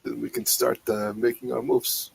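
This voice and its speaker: A man's voice: medium pitch, level tone, normal speed, vocal fry, darkish tone, breathy edge. A man taking part in a tabletop game, talking in a laid-back, rambling way. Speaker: player. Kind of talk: casual tabletop game chat.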